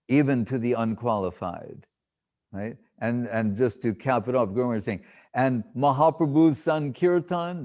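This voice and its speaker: A man's voice: medium pitch, a little mellow. A man giving an emphatic devotional talk outdoors, quoting Sanskrit verses. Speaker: spiritual teacher. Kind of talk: devotional discourse on pilgrimage. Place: outdoors at pilgrimage site.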